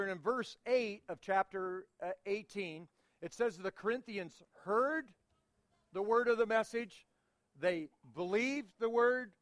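A man with a high voice preaches a sermon from the pulpit. He is folksy and teaching, and he draws the congregation into call-and-response. The sound is dry and close, with little room echo. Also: fairly bright tone. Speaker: pastor.

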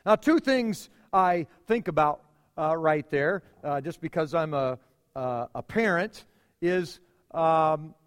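A middle-aged male pastor preaching a sermon, emphatic, with dramatic pauses and repeated phrases. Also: a little high, expressive, clear, resonant tone, in a large hall.

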